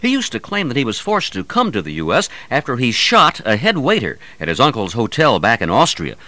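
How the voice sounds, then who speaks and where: A man hosting a radio news feature, reading his script in a lively, sing-song way. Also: fairly quick, no echo. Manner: lively, sing-song delivery with wide swings in pitch.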